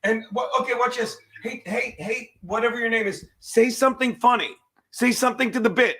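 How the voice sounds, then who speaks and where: A man trash-talking a prank caller in a blunt, mocking way. His voice is bright and forward, and it rings around a roomy space. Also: very high-pitched, fairly quick. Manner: mock-insulting, blunt. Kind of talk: casual chat.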